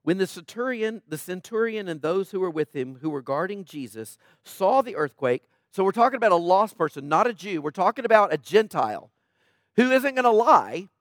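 Man, middle-aged, sermon, high voice, dry close sound, emphatic questioning delivery. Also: very animated, brisk, dry recording. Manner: emphatic, questioning, conversational preaching. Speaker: preacher.

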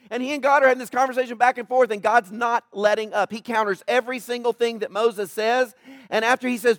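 A man's voice: very high voice, brisk, no echo, clean studio sound. A man preaching a sermon as pastor, talking conversationally to the congregation with jokes, asides and frequent checks like "right?".

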